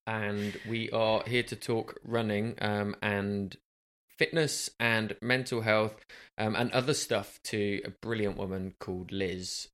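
A man's voice: lowish voice, fairly even intonation, slow pace, fairly bright tone. A man co-hosting a casual podcast chat, teasing and jokey, rambling with plenty of fillers. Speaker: podcast co-host.

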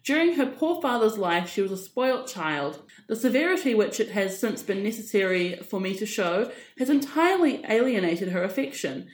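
A woman's voice: mid-range voice, lively intonation, normal speed, few pauses, natural voice. A woman reading aloud and voicing a scheming, persuasive aristocratic mother with a theatrical manner. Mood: mock sorrowful. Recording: echoey room.

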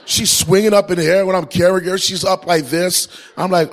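A man in his forties gives a humorous testimony from his ministry to a live crowd. His voice sits a touch higher than most men's. He is an animated storyteller who gets loud on the jokes and drops low and earnest for the serious moments. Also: fairly quick, few pauses. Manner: animated storyteller, swings from loud punchlines to quiet earnest points. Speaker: Christian ministry speaker.

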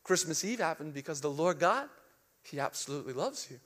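Animated high-voiced young male pastor. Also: a little fast. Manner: animated storytelling, acting out panic with loud outbursts; drops to a soft hushed tone for reflective lines. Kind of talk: sermon.

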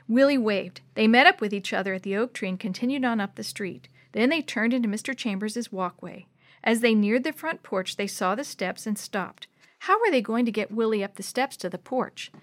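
Brief: woman narrator, children's storybook, expressive delivery, fairly high voice, dry close sound. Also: dry recording. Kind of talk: scripted narration of a children's book.

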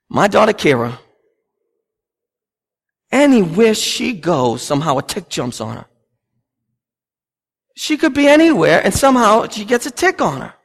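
A man in his thirties, a pastor preaching a sermon and telling family stories with lively acted-out dialogue. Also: fairly high pitch, gravelly. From United States. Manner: storytelling, animated, acts out family scenes.

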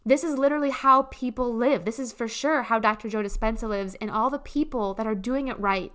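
A woman's voice: fairly high pitch, a little fast, fairly bright tone. A woman hosting a motivational podcast, talking in a gushing, emphatic way and swearing casually. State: emotional, tearing up. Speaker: podcast host.

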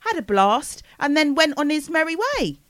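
A woman co-hosts a podcast, telling gossip in a casual, animated way. Her pitch swings widely as she jumps into impressions. The sound is dry and close. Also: moderate pace, no room sound. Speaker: podcast co-host.

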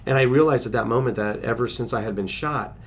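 A man's voice: medium pitch, quick pace, slight background noise. A middle-aged man recounting a personal story as an interview guest, earnest, with restarts and acted-out quotes.

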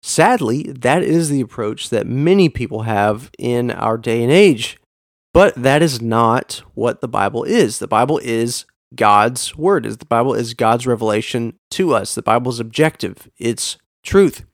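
A man's voice: mid-range voice, lively intonation, unhurried, no room sound, clean studio sound. A man hosting a podcast episode, teaching earnestly and leaning hard on key words for emphasis. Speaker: podcast host teaching on Bible reading. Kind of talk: scripted teaching monologue.

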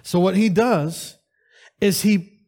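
A man preaching a lively sermon at a church service, calling out to the congregation with rhetorical questions. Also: high voice, slow.

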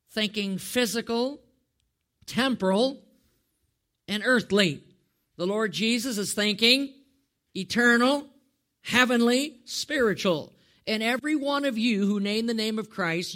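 A man preaching a sermon, animated, firing rhetorical questions at the congregation and calling on listeners by name. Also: high voice.

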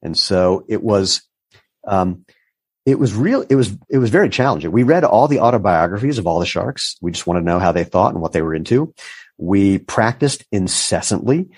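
This founder, a man in his fifties, has a fairly low, slightly rough voice and talks at normal speed. The studio-quality audio has no echo. Being interviewed casually, he tells lively stories and mimics the people he quotes.

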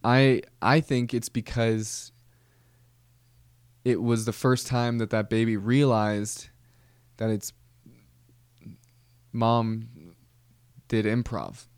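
A man hosting a comedy podcast, telling a rambling deadpan story with casual slang. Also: medium pitch, slow pace, pauses often, smooth, no room sound. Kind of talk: comedic monologue.

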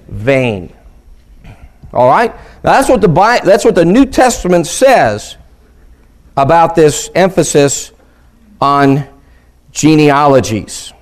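A man teaching a Bible lesson on a radio ministry, reading verses aloud and stressing key words. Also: a little high. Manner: reads scripture aloud slowly, stressing key words with questions.

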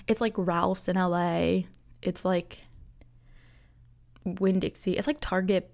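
A woman's voice: medium pitch, a little mellow. A young woman hosting her own podcast, chatting casually in a rambling way with lots of fillers and frequent laughs. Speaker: podcast host. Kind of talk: casual solo podcast chat.

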